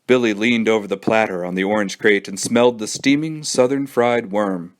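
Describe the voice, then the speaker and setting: A man who is a children's librarian, reading a storybook aloud with an expressive storytelling manner. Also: fairly low pitch, normal speed, hardly any pauses.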